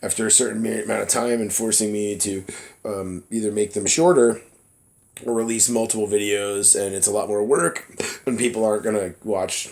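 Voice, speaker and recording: Casual low-voiced man reading aloud. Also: steady tone, normal speed, a little mellow. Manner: loose and chatty, many fillers, laughs at himself. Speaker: political video blogger. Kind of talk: casual vlog commentary, reading an article aloud. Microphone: phone camera app.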